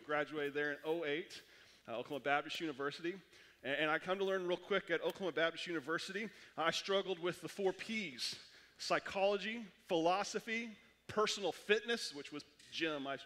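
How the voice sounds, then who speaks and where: A man with a high voice delivers a sermon from the front of a church. He tells stories in an animated way and often restarts his sentences. His words ring out with a long reverb through the sanctuary. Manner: animated storytelling with quick restarts. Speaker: pastor.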